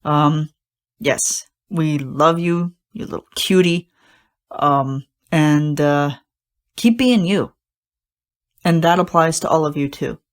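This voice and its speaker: A woman's voice: low voice, takes it slowly, long pauses. A young woman hosting a podcast, talking casually in a gushing, rambling way with lots of fillers and restarts. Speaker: podcast host. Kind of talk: casual solo podcast talk.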